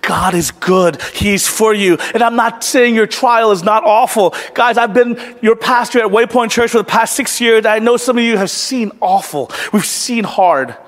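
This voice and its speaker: A man preaching a sermon as a pastor, telling a story in a conversational, earnest way that sometimes sinks to a hush. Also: high voice, normal speed, few pauses. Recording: long hall reverb.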